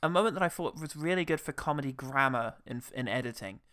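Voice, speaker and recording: A man's voice: medium pitch, expressive, fast talker, sharp tone, clear, resonant tone. A man co-hosting a podcast, chatting casually about a film, joking and laughing often. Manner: jokey, laughs often, trails into quoted bits. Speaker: podcast co-host. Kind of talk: casual film-review banter.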